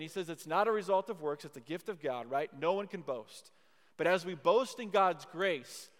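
A man preaching a sermon to a university gathering, emphatic and repetitive, leading into a quiet prayer. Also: on the high side. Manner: emphatic, repeats key phrases, then drops to a hushed prayer. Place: university chapel or hall. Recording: long hall reverb.

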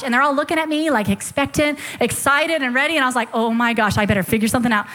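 A young woman stands before a church congregation and tells her testimony, her voice sitting a little high. She tells it as an animated story, full of quick asides where she quotes her own thoughts. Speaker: speaker sharing a testimony. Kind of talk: sermon testimony.

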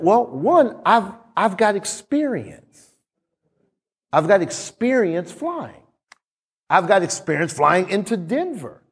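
A man preaching a sermon, telling a story with acted-out dialogue and sudden drops into soft, low tones. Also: very animated, a little slow, pauses often, breathy edge. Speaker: pastor.

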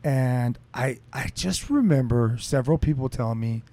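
A man co-hosting a casual chat, telling stories with lots of swearing, his voice rising sharply when he gets heated. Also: moderate pace. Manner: animated, profane storytelling that climbs in pitch when heated.

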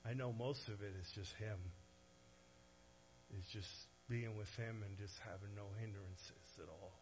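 A man preaching a sermon in an animated way, swinging from soft to loud, with conversational asides to the audience. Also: lowish voice, a little slow, background noise. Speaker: pastor.

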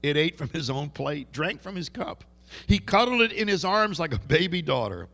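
A man's voice: on the high side, very animated, moderate pace, creaky, sharp tone, pitched above the performer's own voice, exaggerated voice. A man doing a prophet with a brogue. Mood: storytelling. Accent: put-on Jewish brogue. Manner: storytelling, emphatic. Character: old male prophet telling a parable. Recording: long reverb of a large hall.

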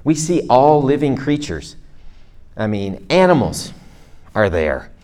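A man's voice: mid-range voice, very animated, slow, darkish tone. A middle-aged man preaching a sermon to a congregation in a conversational way, with self-deprecating jokes and asides. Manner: speaks to a live congregation.

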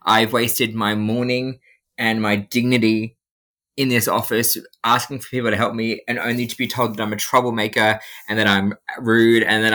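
A man in his thirties talks through his own hardship in an interview. He is tearful, and his voice keeps cracking as he speaks. His pitch sits in a middle range. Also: pushed and bright. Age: 30s. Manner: tearful, voice breaking at times. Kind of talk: emotional personal testimony.

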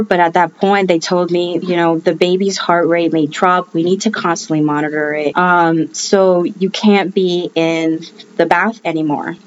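A young woman co-hosting a casual chat, telling her birth story frankly and acting out what people said. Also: lowish voice. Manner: frank storyteller, acts out quotes, laughs at herself. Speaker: podcast co-host. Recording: dull lo-fi sound.

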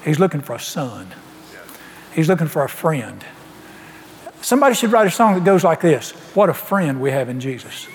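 Animated preacher in a church hall. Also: male voice, fairly high pitch, normal speed, a little hiss or hum. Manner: folksy, animated storytelling, acts out dialogue. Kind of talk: storytelling sermon.

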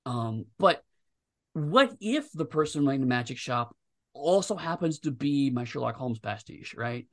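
A man, a game designer guest, talking at length in a rambling, animated way with many restarts. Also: medium pitch, a little slow. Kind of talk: casual interview chat.

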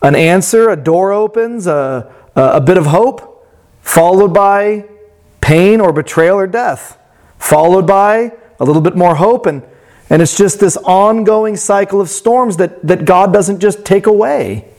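A man preaching a sermon in a reflective way that turns animated when he tells a story. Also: sits high, measured pace. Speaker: pastor.

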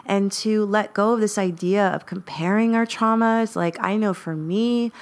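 A woman's voice: medium pitch, fairly even intonation, a little slow. Woman, podcast host, earnest, reflective, filler-heavy personal talk. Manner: earnest, lots of fillers, rising emphasis.

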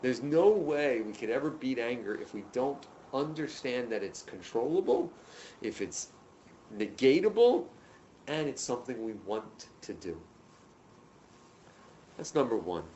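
A man lecturing a room of students, animated and emphatic. His pitch swings widely as he tells a story and drives home each point. A faint background hum runs underneath. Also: a little slow, pauses often, muffled recording. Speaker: teacher. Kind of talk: lecture to a class.

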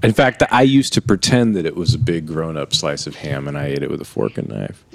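A man co-hosting a comedy podcast, telling a story in a relaxed, rambling way. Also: a bass voice, brisk, vocal fry. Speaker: podcast co-host. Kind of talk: casual storytelling chat.

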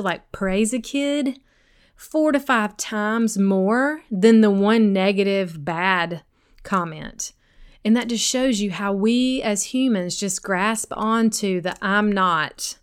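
A middle-aged woman hosting a self-help talk, with a noticeable accent and a smooth, resonant voice at a mid pitch. She speaks straight to her listeners in a chatty, conversational way.

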